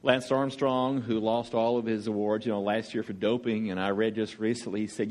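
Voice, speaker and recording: A man's voice: lowish voice, fairly even intonation, fairly quick, few pauses, a little mellow. A man with a Southern accent from Georgia, preaching as a guest speaker in a chatty, joking, storytelling way. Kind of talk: sermon with jokes.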